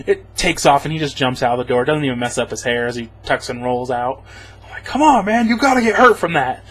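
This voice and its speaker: A man's voice: mid-range voice, husky. A man giving a rambling, sarcastic spoken movie review, chuckling as he goes. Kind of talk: casual spoken film review.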